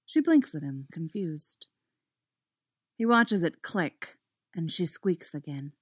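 A woman reading fiction aloud in an expressive way, dropping to a soft voice on the narration tags. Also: low-pitched, slow, breathy edge, dry recording, studio quality. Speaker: storyteller.

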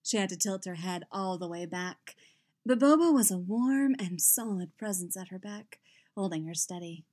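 A woman narrating a story in an unhurried, even reading voice. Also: lowish voice. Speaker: audiobook reader. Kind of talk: fan fiction narration.

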